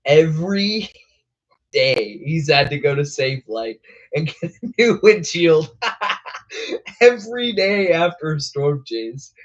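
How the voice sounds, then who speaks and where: A relaxed young man talks slowly with a slightly high voice, chatting casually and laughing as he tells stories. The recording is a little dull and lo-fi. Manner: laid-back, laughing, says bro a lot. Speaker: weather show host. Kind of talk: casual live-stream chat.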